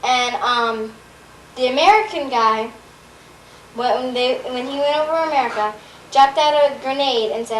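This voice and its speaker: Woman, rambling joke telling, lots of ums, high pitch, echoey and distant. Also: a little hiss or hum. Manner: rambling, halting joke telling with many fillers. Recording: roomy, distant home video recording.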